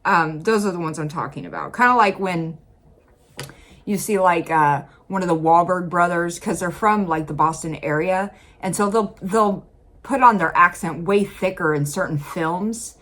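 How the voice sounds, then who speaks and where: Woman, reaction vlogger, from Illinois, chatty, lowish voice, excited jumps in pitch. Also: normal speed. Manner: chatty, laughs often, pitch jumps up when emphatic. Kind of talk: casual reaction commentary.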